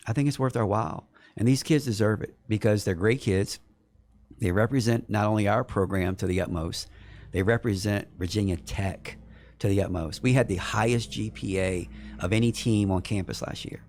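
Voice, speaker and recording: A man's voice: on the low side, a little mellow. A middle-aged man, a head basketball coach, answering podcast questions in an earnest way and often repeating words as he builds a point. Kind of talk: podcast interview.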